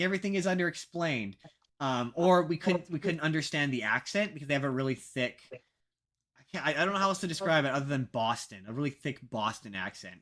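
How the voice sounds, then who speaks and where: A young man chatting on a podcast with a bright, forceful voice pitched a little high. He rambles through a story, stumbling over restarts and fillers and laughing at his own old opinions. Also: expressive, fairly quick. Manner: rambling, self-mocking, many fillers and restarts. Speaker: podcast co-host. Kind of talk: casual podcast chat.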